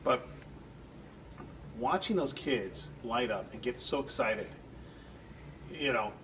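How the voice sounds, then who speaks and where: Interviewed as a guest, a man who manages an entertainment center tells earnest, meandering stories, acting out the voices of people he quotes. His mid-range, fairly bright voice is lively and unhurried, picked up by a distant mic on a rough recording with some hiss or hum.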